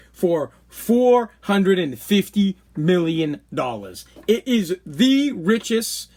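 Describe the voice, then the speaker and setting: A man talks in a fairly high voice for a man. He rants casually and opinionatedly, joking and blunt, like a host chatting on his own podcast stream. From Boston, New England. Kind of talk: casual live-stream rant.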